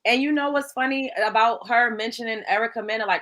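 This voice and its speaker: A woman's voice: a little high, fast, fairly bright tone. A woman co-hosting a casual gossip chat, earnest and rambling, with many "like"s.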